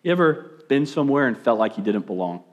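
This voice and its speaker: A young adult man preaching a sermon as pastor, animated and swinging between loud emphasis and hushed asides. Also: mid-range voice, fast talker, dull audio.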